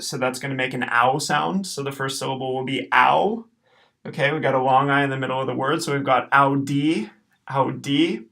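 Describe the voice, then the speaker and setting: A man teaching Latin pronunciation in a recorded lesson, patiently saying each word slowly and then repeating it. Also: medium pitch, vocal fry, a bit bright.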